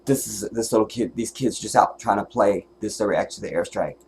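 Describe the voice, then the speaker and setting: A man's voice: lowish voice, a little fast, vocal fry. A man hosting a livestream and giving commentary in an angry, profane, emotional rant, at times close to tears. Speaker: livestream host.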